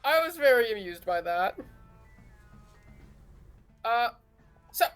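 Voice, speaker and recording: Young female game master, amused, chatty narrator, animated delivery. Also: fairly high pitch, takes it slowly, clean tone, soft background music. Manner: chatty, amused, many fillers.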